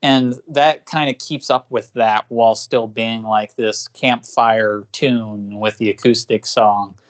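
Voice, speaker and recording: A man co-hosting a casual music podcast, rambling and restarting his sentences, now and then loudly mimicking the songs he talks about. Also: on the low side, steady tone, takes it slowly. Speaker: podcast co-host.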